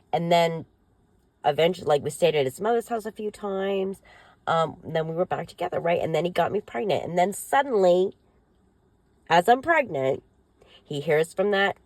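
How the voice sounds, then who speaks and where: A woman's voice: lowish voice, a little mellow, no room sound. A young woman venting bitterly about an ex, indignant and swearing as she repeats herself. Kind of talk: emotional personal venting. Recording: noisy with vehicle sounds behind.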